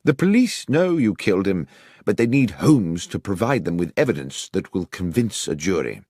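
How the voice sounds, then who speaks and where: A man doing a calm, matter-of-fact disguised detective. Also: deep voice, moderate pace, dry recording, clean studio sound. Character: male detective disguised as the doctor.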